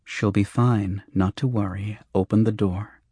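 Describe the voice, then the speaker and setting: A man's voice: fairly low pitch, steady tone, unhurried, mellow, breathy edge, dry recording. A man reading the part of a curt, tough woman who gives orders. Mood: firm and curt. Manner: curt, firm. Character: brisk, hard-bitten woman taking charge.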